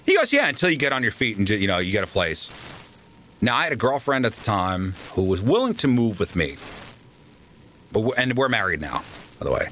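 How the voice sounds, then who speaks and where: Man, low voice, lively pitch, casual storytelling interview, faint background noise. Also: a little fast, low-quality recording. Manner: animated storyteller, acts out quoted voices. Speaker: radio host guest.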